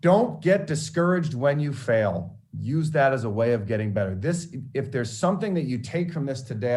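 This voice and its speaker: A man in his forties, a TV sports reporter, telling career stories to students in an animated, anecdotal way with frequent restarts. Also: lowish voice. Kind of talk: storytelling motivational talk.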